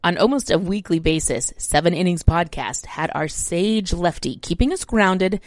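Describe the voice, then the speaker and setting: A woman's voice: fairly low pitch, animated, normal speed. A woman co-hosting a sports podcast, chatty and teasing, introducing guests and segments. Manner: chatty, teasing, says like often. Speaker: podcast co-host, interviewer. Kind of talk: casual podcast chat.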